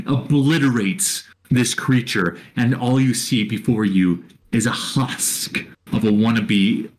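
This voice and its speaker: A man running a tabletop role-playing game as dungeon master, narrating the battle in a slow, descriptive way with small hesitations. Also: medium pitch.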